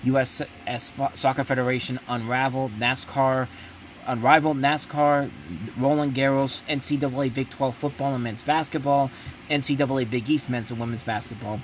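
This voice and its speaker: A man's voice: medium pitch, little pitch movement, fairly quick, a little hiss or hum. A man hosting a live show, reading entertainment business news aloud with sarcastic asides and frequent restarts. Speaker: show host. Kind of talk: casual news commentary.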